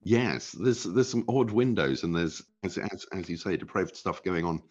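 Deep husky man, lively delivery. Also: normal speed, muffled recording. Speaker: guest author. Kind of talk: podcast interview.

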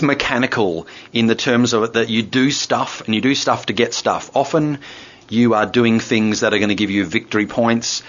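A man's voice: on the low side, fairly bright tone, lo-fi sound. Enthusiastic man explaining games. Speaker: radio co-host. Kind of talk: casual radio chat.

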